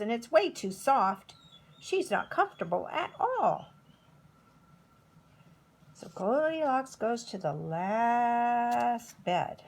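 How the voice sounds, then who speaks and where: A middle-aged woman reading to toddlers in an unhurried, expressive way. Her husky, gravelly voice rises and falls a lot. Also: fairly high pitch. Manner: slow, expressive storytelling. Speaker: preschool teacher. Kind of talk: storytelling for toddlers.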